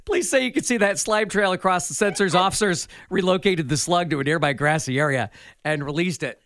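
A man's voice: sits high, fairly quick, dry recording. A man co-hosting a morning radio show, reading quirky news and chatting playfully with his co-host. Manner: playful, animated delivery. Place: radio studio.

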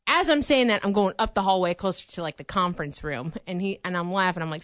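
A young adult woman co-hosting a radio show, telling stories in a casual, animated way and laughing often. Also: fairly low pitch, a little fast, hardly any pauses, no echo, studio quality. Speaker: radio co-host.

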